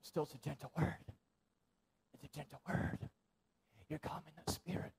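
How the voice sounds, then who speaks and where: A man preaching a sermon in a church, repeating phrases for emphasis and swinging between loud stress and near-whispers. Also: high-pitched, moderate pace, vocal fry, long pauses, husky.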